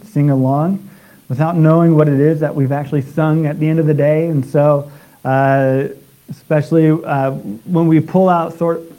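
A man preaching a sermon in a halting way, with many restarts and filler sounds. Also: on the high side, dark tone, poor audio.

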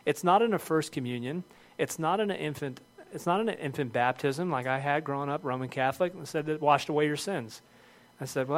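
A middle-aged man preaching a sermon as pastor, earnest and conversational, building to emphatic points. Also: on the high side.

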